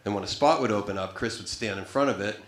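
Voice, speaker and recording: A man's voice: fairly low pitch, quick pace. A man doing wry, profane stand-up comedy storytelling on a club stage into a handheld mic. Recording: echoey live club room.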